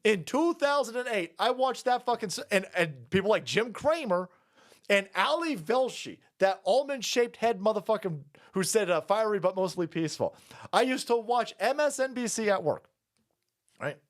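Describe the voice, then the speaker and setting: Fast, profane, high-pitched ranting man. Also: expressive. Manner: profane, rapid-fire, combative, laughing asides; talks fast. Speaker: political commentary streamer.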